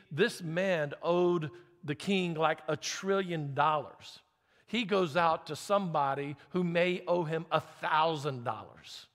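A man's voice: fairly high pitch, a bit bright, long reverb tail. A male pastor preaching a sermon, reading a scripture passage aloud and then explaining it with asides to the congregation. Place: church sanctuary.

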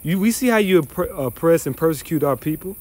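A man's voice: fairly high pitch, expressive, a little fast, a little mellow. A man teaching the Bible verse by verse, reading passages then ranting in a profane, scornful, emphatic way. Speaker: scripture teacher.

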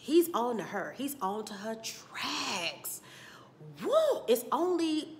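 A woman's voice: a little high, sing-song, slow pace, a little hiss or hum. A woman giving a casual recap and review of a TV episode, telling it as a story and acting out the characters' lines with exclamations. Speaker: TV recap vlogger.

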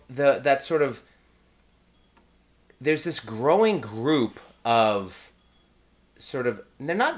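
Excited rambling man, lively pitch. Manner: excited, rambling, with restarts and laughs. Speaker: game designer and reviewer. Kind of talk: casual rambling vlog.

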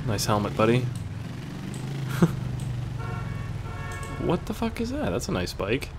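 A man's voice: medium pitch, huge pitch swings, takes it slowly, pauses often, very noisy. A man giving casual gameplay commentary, rambling with crude jokes. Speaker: gaming YouTuber.

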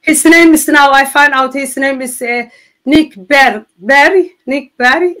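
A Somali-accented woman whose first language is Somali, telling her personal faith story to an interviewer in earnest, halting English full of restarts and repetitions. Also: high voice, a bit bright, rough recording. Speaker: interview guest giving a faith testimony.

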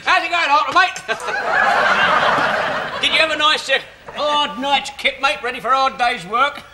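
An actor playing a hearty, joking young bus driver, laughing often, in a sitcom. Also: male voice, sits high, sing-song, a little fast, very noisy. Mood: cheerful.

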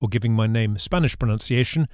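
A man speaks fast in a medium-pitched, slightly mellow voice while narrating a scripted lesson in Spanish. The recording is dry and studio-clean, and his explanations are patient, with careful, clear model pronunciation of every example word.

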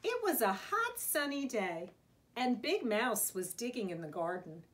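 Animated preschool teacher reading aloud. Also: female voice, fairly high pitch, unhurried, slight background noise. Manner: animated, sing-song storytime reading. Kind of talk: reading a picture book aloud to children.

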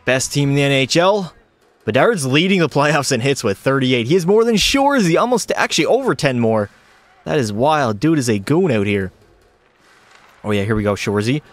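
Speaking at a moderate pace in a medium pitch with no echo, a man streams live hockey video game commentary. He gets excited calling the plays, talks to his chat, and faint music can be heard behind his voice.

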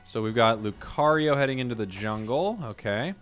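A man hosting a gaming video, chatting casually about his matches and bursting into loud excitement at big plays. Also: medium pitch, normal speed, clear, resonant tone, faint music behind. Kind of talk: casual gameplay commentary.

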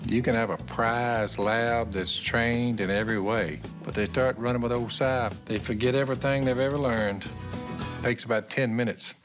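A man's voice: mid-range voice, steady tone, moderate pace. A man with a Southern US accent speaking to camera in a dry, blunt drawl. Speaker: reality show cast member. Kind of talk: to-camera interview. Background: background music.

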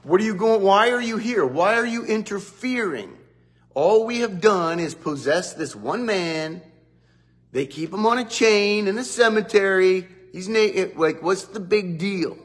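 A man voicing a crowd of frantic male demons who plead and protest in a raised, loud, whining voice. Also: lively intonation, a little slow, in a large hall. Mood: pleading, indignant. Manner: high, loud, protesting whine.

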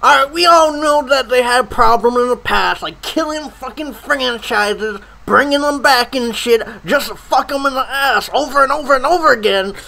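High, bright-voiced man ranting profanely. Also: moderate pace, vocal fry, few pauses, poor audio. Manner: crude, swearing constantly, stammering repeats. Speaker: comedy ranter. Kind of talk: profane comedic rant.

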